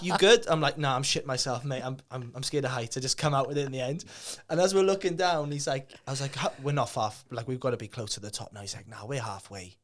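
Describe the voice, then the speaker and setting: A man hosting a podcast as a mindset coach, chatting casually and telling lively stories, acting out quotes and swearing freely. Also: mid-range voice, fast, hardly any pauses. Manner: animated storyteller, swears freely, acts out quotes. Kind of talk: casual chat, storytelling.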